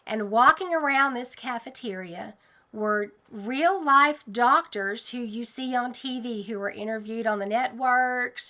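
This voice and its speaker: Woman, channel host, bright tone, fairly high pitch, earnest, animated, casual monologue. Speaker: channel host sharing dreams.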